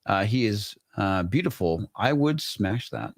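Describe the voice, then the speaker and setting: A man's voice: on the low side, expressive, measured pace, dry recording, studio quality. A man hosting a casual live stream, reading out super chats and joking loosely after a few drinks. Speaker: host.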